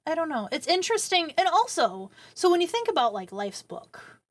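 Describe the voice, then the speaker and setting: A woman streaming a casual late-night chat from her home setup into a boom arm mic, rambling and swearing casually. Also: very animated, normal speed, no room sound. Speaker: livestreamer.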